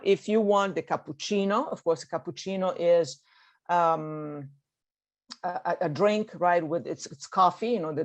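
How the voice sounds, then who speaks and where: Italian-accented woman teaching an online beginner class, upbeat and patient, keeps checking in with listeners. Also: lowish voice. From Italy. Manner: encouraging, checks in with frequent "okay?". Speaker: language teacher. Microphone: video call.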